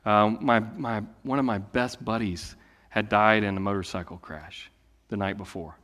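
A man in his late thirties, a pastor preaching a sermon in a conversational way that swings between loud declarations and hushed asides. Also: on the low side, steady tone, moderate pace. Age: late 30s. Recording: long hall reverb.

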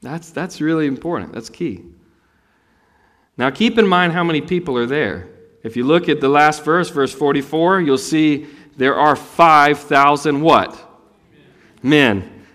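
A man from North Carolina preaching a sermon as a pastor, telling stories with swings from loud emphasis to soft asides. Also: a little high, big-room sound. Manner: animated storytelling, rising loud for emphasis and dropping soft. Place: church sanctuary.

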